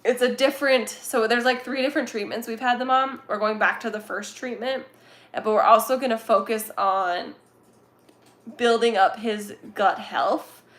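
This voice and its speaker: Young female streamer, a touch high-pitched, playful and giggly, rambling casual chat. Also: fairly even intonation, moderate pace, a bit bright. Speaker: cat rescue livestream host. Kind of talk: casual livestream chat with viewers.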